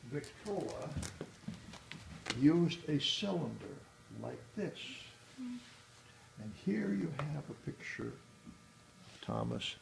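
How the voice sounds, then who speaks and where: A man's voice: on the high side, gravelly, darkish tone. A man giving a museum tour, explaining exhibits in a rambling way with many hesitations and restarts. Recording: echoey room, faint background noise.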